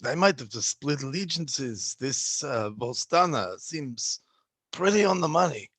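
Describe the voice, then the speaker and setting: A man's voice: mid-range voice, animated, unhurried, fairly bright tone, slightly rough, no room sound. A man playing in a tabletop game, describing his character's actions casually. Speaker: player.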